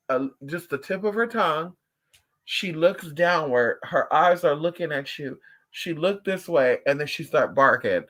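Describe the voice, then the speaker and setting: Guy on a casual livestream, kinda high voice, swearing a lot and chatting to viewers like friends. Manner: animated, profane storytelling with playful asides to viewers. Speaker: vlogger talking to viewers.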